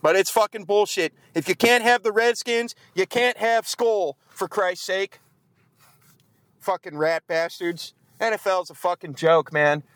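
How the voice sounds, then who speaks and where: A man rants after the game, cursing and grumbling in a fairly high, smooth voice. The sound is dry and close, with little room around it. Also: unhurried, a bit bright, no echo. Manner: profane, grumbling rant. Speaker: fan vlogger. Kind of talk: ranting post-game chat. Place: outdoors in the cold.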